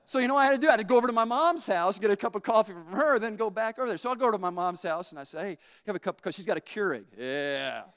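Male preacher, high voice, animated folksy storyteller, reverberant sanctuary. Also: rapid-fire, few pauses. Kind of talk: sermon.

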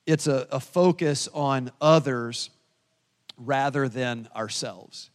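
A male pastor preaching a sermon in a church sanctuary, telling personal stories with animated, self-deprecating humor and chatty asides to the congregation. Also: medium pitch, slow pace. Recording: long reverb of a church hall.

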